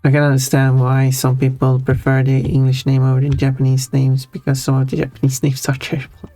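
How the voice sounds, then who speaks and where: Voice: medium pitch, completely flat delivery, a little fast, dark tone, no echo. A streamer chatting casually while drawing, rambling with frequent stammers and restarts while answering chat messages. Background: faint background music.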